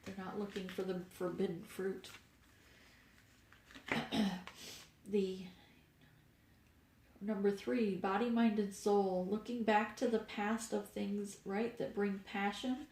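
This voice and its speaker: A woman with a middle-pitched voice reads tarot in a loose, wandering way, stopping for fillers and small laughs. She sounds a little stuffed up. The room around her echoes. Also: steady tone, slow, long pauses, noisy background. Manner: meandering, with fillers and soft laughs. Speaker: spiritual reader. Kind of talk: casual tarot reading monologue.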